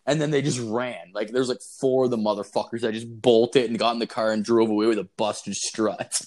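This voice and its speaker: A man's voice: mid-range voice, fairly even intonation, fairly quick, darkish tone. A young man co-hosting a podcast, telling rambling, profane stories in casual chat and laughing through them. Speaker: podcast co-host.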